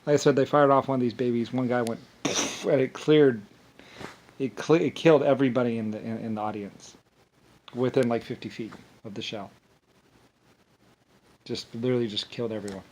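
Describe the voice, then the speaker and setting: A man's voice: mid-range voice, fairly even intonation, fairly quick, pauses often, a little mellow. A man talking in a rambling, profane monologue, full of restarts and angry outbursts. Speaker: video monologue speaker.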